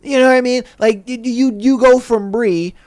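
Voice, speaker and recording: A man's voice: very high-pitched, fairly even intonation, normal speed, a little mellow, dry recording. A man hosting a podcast, giving a casual, profane, slang-heavy recap and mimicking the people he talks about. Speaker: podcast host.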